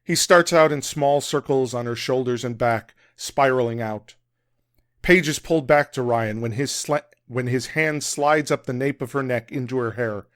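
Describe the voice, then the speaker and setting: A man reads from his own novel in a steady, measured way, his voice at an ordinary middle pitch. The sound is close to the mic and dry, with no room echo. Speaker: author and guest. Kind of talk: reading his novel aloud.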